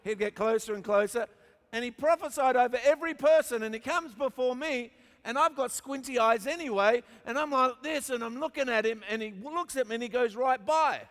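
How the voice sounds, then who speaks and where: An Australian pastor with a high-pitched voice preaches to a church crowd, mixing humor with emphatic, repeated build-ups. His words carry a long reverb from a large hall. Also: fairly quick, a bit bright. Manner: storytelling with humor, emphatic repetition. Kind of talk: sermon.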